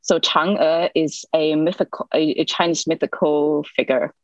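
Woman w/ local doing a poetry reading, low voice, dry close sound, lots of ums in between. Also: steady tone, dry recording, highs cut off. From Hong Kong. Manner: measured recital, hesitant "um" fillers when chatting. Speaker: poet. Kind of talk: poetry reading with short spoken introductions.

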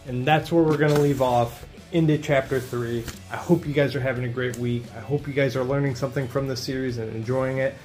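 A man casually recapping a comic book issue for his channel in a relaxed, conversational way. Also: medium pitch, fairly quick, hardly any pauses, faint music behind.

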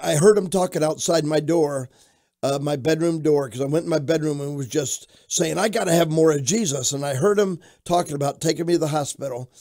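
An older pastor from Florida, telling his life story in an interview with an animated storytelling manner. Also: on the high side, brisk. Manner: animated storyteller who shouts out quoted lines.

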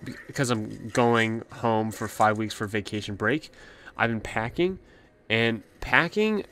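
A man's voice: lowish voice, a little slow, fairly bright tone. Chatty young man narrating his gameplay. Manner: chatty, talks to the game's enemies. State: out of breath. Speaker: gaming channel host. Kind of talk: let's play commentary.

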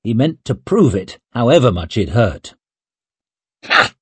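A man reading a fantasy novel aloud, measured and steady. his voice is somewhat husky, mid-pitched, and recorded close and dry with no room sound. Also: no room sound. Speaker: audiobook narrator. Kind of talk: scripted narration.

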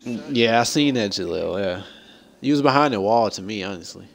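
A young man live-streaming a shooter game, reacting to the match and chatting with viewers and teammates, getting frustrated and excitable. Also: fairly low pitch, a little fast, gravelly. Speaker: gaming streamer. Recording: faint background noise.

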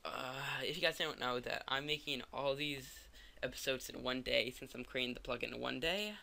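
A man's voice: medium pitch, normal speed, creaky, bright, forceful tone. A tired young man narrating a coding tutorial, thinking aloud and joking at himself as he types. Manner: rambling, self-mocking, thinks aloud. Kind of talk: screen-recorded coding tutorial.

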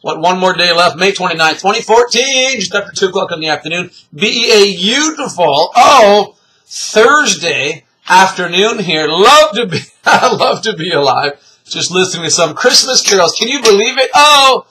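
Bright-voiced, exuberant man hosting a monologue. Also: high voice, expressive, moderate pace. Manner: exuberant, exclaims and laughs often. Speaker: host of a daily home program. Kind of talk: casual rambling monologue. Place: at home near open windows.

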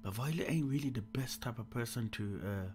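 A young man reacting live to an anime film, slangy and excitable, swinging from low mutters to loud outbursts. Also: brisk, a little hiss or hum. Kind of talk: live watch-along reaction.

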